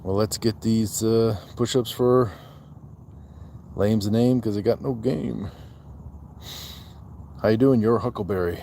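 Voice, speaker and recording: A man with a lowish, creaky, dark-toned voice hosts a casual livestream, talking slowly and pausing often over a little hiss or hum. Joking throughout, he addresses viewers by name, reads chat comments aloud, and counts his push-ups.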